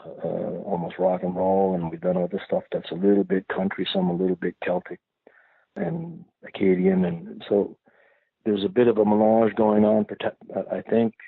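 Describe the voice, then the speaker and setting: A man from Prince Edward Island, Canada, giving thoughtful, unhurried interview answers as a singer-songwriter guest, searching for his words. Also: low voice, gravelly, husky, dry recording. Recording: tinny phone-like line, dry.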